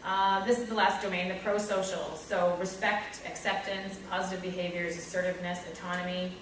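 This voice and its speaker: A woman's voice: lowish voice, little pitch movement, brisk, slight background noise. A woman teacher with a Canadian English accent reflects on her own teaching practice in a candid, self-deprecating way, acting out little asides. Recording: echoey room, speaker far from mic, faint ambience.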